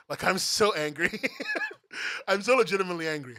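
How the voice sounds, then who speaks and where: A man's voice: high-pitched, fairly quick, long pauses, sharp tone. A man reviewing webcomic platforms in a profane, exasperated rant, laughing through it. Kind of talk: ranting commentary.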